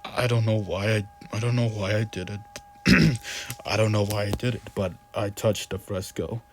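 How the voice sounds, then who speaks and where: A man's voice: lowish voice, fairly even intonation, normal speed, a little hiss or hum, close to an everyday voice. Man voicing a nervous, faltering man. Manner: faltering, hesitant. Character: nervous, apologetic man confessing a mistake.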